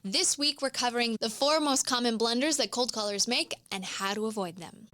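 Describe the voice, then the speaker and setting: Over music, a woman speaks fairly quickly in a slightly high voice as host of a business podcast. Her instructional monologue coaches listeners, explaining points and demonstrating different tones of voice.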